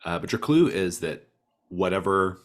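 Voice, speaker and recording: Brief: male game master, very deep voice, easygoing and halting. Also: animated. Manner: casual, halting. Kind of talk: running a tabletop game.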